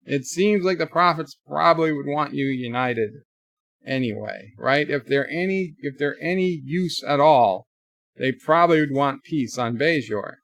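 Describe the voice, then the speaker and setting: A man's voice: a little high, a little slow, a bit bright, no room sound. A man giving a casual live reaction to a TV episode, retelling the plot with quoted lines and offhand asides. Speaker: show reviewer.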